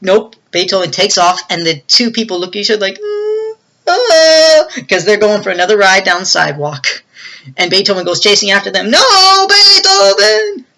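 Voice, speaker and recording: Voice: medium pitch, steady tone, fast, sharp tone, rough recording. A movie reviewer casually retelling a film's plot, with many fillers and self-corrections.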